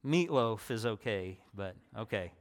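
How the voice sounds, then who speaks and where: A man's voice: fairly low pitch, expressive, unhurried. A man preaching a sermon in a conversational way, restarting phrases and adding personal asides.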